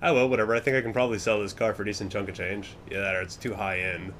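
A young man giving casual gameplay commentary, swearing often and muttering to himself, then yelling at other players. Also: on the low side, little pitch movement, very fast, slight background noise.

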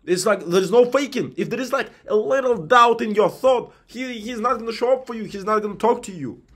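Earnest high-voiced man rambling about faith. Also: fairly quick, fairly bright tone. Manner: earnest, rambling preaching with many restarts. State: tearful at times. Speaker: host. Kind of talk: casual monologue.

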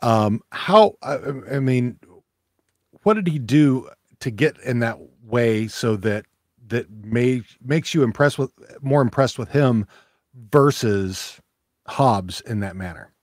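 A man moderating a casual podcast debate, halting with many fillers. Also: mid-range voice, animated, darkish tone, no room sound, clean studio sound.

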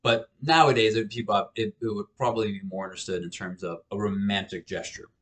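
A man's voice: lowish voice, fairly even intonation, fairly quick, fairly bright tone. A man lecturing on communication in a recorded class video, explaining with frequent restarts and fillers. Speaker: college lecturer.

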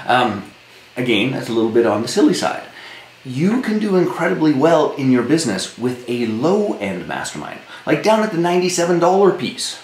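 This Saskatchewan man coaches business on a livestream in a mid-range, sing-song voice at a fairly quick pace, blunt and emphatic, cursing as he gets fired up. The sound is roomy and echoey, with faint ambience and slight background noise.

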